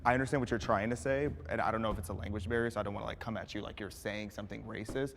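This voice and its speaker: Male panelist, quick earnest delivery, lower pitch. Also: fairly even intonation, creaky, in a large hall, background noise. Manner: earnest, fast, measured objections. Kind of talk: casual discussion.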